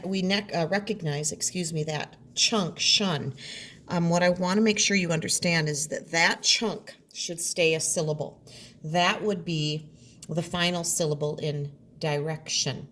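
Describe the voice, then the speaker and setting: A woman teacher giving a recorded lesson, sounding out words slowly and deliberately. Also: lowish voice, fairly bright tone, a little hiss or hum.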